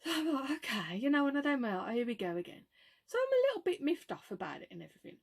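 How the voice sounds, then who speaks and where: A woman's voice: sits high, wildly swooping pitch, fast talker, creaky. A middle-aged woman with a Brummie accent, chatting casually to camera as she acts out her phone calls and laughs through the story. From Birmingham, England. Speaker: vlogger.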